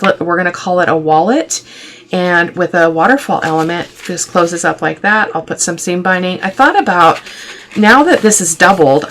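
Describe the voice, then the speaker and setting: A woman's voice: lowish voice, a bit bright, slight background noise. A middle-aged woman hosting a casual craft tutorial, chatty and affectionate, thinking aloud with fillers as she works. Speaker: craft video host.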